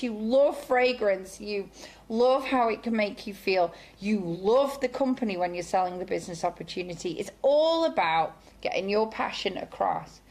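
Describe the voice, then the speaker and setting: A woman's voice: mid-range voice, vocal fry. A chatty, bubbly woman leading a live video training call from home. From United Kingdom. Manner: bubbly and chatty, says "okie dokie". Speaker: sales team director. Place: home room with sunlight behind.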